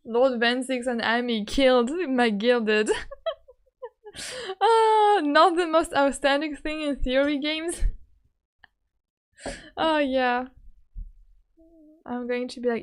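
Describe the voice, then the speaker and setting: A woman's voice: high voice, takes it slowly, pauses often. A woman with a French accent, chatting casually with viewers while streaming a game, giggling often and filling her speech with "like". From France. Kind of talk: casual gaming stream chat.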